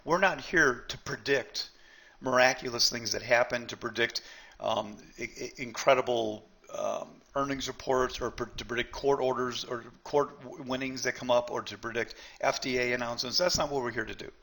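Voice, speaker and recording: A man's voice: medium pitch, normal speed, creaky, pushed and bright. A man teaching a live trading seminar, blunt and emphatic, often repeating himself and talking straight to the group.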